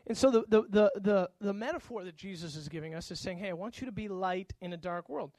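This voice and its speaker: A male pastor preaches with a notably high voice, animated and conversational. He slips into different voices to act out everyday exchanges. The sound is close and dry, with no room around it. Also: fast, dry recording. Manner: animated, acts out dialogue with varied voices. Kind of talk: sermon.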